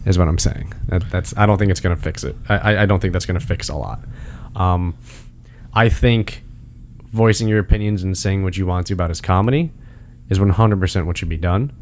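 A man's voice: brisk, slight background noise. A man in casual podcast chat, arguing his opinions emphatically and pressing his points. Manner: argumentative, emphatic, pitch jumps when making a point.

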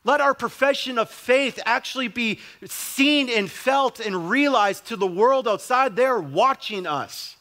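A man's voice: very high-pitched, expressive, measured pace, hardly any pauses, bright, forceful tone. A young adult male pastor preaching a sermon in a conversational way, with emphatic repetition.

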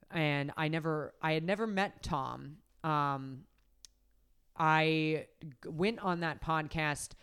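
Casual podcast host, female, deep-set and smooth, chatty and meandering. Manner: rambling, filler-heavy, laughs often. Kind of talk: casual storytelling chat. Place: podcast recording setup.

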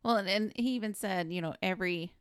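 A woman co-hosting a movie podcast, chatting casually and reacting quickly with frequent laughs. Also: mid-range voice, clean tone, no echo, studio quality. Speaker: podcast co-host.

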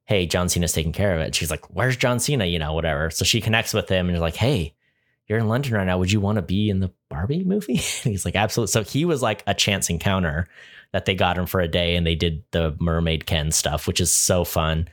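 A man with a somewhat low voice chats casually about a film as a podcast co-host. He talks enthusiastically and rambles, with plenty of fillers along the way. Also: fast. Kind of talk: casual chat.

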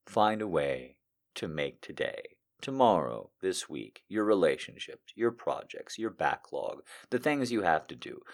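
Brief: male streamer, lively swooping delivery, earnest pep talk turning into loud jokey rants. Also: fairly low pitch. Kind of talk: casual live-stream chat and reading aloud.

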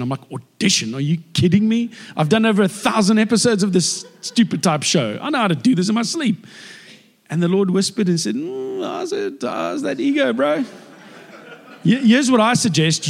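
A man in his forties from South Africa, preaching by telling stories and acting out the voices of people in them. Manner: animated, acts out quoted voices with big pitch jumps. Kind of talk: sermon storytelling. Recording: long reverb of a large hall.

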